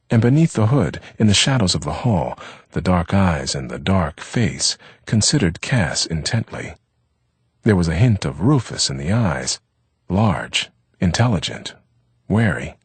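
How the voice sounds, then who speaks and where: A man narrating an audiobook in an expressive, measured way, recorded close and dry. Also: low voice, husky, no echo.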